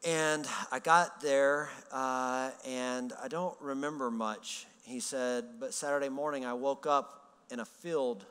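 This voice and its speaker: A man's voice: mid-range voice, steady tone, slow pace, fairly bright tone, smooth. A male pastor telling a story in a sermon, casual and humorous, acting out the dialogue he quotes. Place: large church hall. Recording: reverberant church hall.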